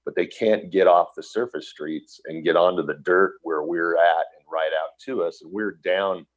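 A man with an extremely deep, low voice tells a personal story in an earnest, conversational way. He brings the scene to life by acting out the lines people said. The recording sounds slightly dull and lo-fi. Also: steady tone, normal speed. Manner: earnest, vivid retelling full of quoted dialogue. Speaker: guest telling a personal story.

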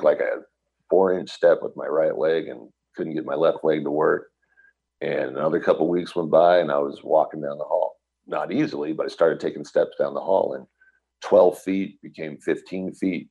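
A middle-aged man from the US Midwest, telling a personal recovery story in an interview, earnest and animated, acting out quoted dialogue. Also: rumbling low, normal speed, creaky, breathy edge, muffled recording.

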